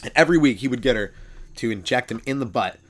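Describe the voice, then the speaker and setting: Man, stand-up comic, lively swooping pitch, cussing, mid-range voice. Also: fast. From Canada. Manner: animated, swears freely, breaks into loud exaggerated character voices. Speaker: comedian podcast host. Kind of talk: stand-up riffing monologue.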